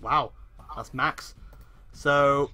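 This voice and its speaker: A man's voice: medium pitch, steady tone, extremely slow, pushed and bright, faint music behind. A man narrating as game master in an online tabletop game, casual and hesitant with many fillers.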